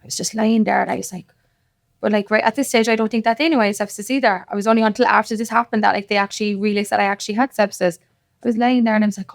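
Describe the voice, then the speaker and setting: A woman's voice: on the high side, flat delivery, vocal fry, no echo, clean studio sound. A woman with a Cork accent, a podcast guest telling her story casually, quoting other people's words as she goes. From Ireland. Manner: rapid, with quoted dialogue. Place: podcast studio.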